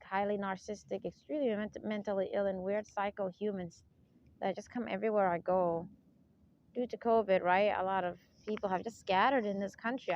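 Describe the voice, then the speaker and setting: A woman vlogger talking outdoors in a casual monologue, emphatic and rambling, often checking in with her listeners. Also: medium pitch. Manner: emphatic, rambling, keeps checking in with "right?" and "okay?"; forceful, insistent tone. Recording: dull lo-fi recording.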